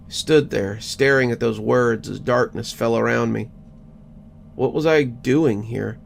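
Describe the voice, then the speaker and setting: A man narrating a first-person horror story in a measured, scripted way. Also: mid-range voice, creaky, a little hiss or hum. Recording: faint background music.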